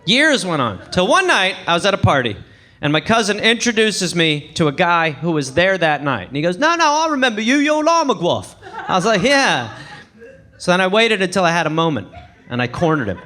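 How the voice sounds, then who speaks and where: High, bright-voiced animated stand-up man. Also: brisk. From England. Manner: animated, acts out voices and laughs at his own jokes. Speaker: stand-up comedian. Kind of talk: stand-up routine. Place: comedy club stage before a live audience.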